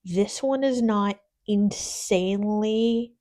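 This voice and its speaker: A woman hosts a relaxed unboxing of nail supplies, speaking at an unhurried pace. She gushes with soft exclamations and sometimes lowers her voice to a whisper as she looks closely at a product. Her voice sits at an ordinary middle pitch and is recorded on a phone. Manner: gushing, breathy exclamations, drops to whispers. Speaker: nail channel host.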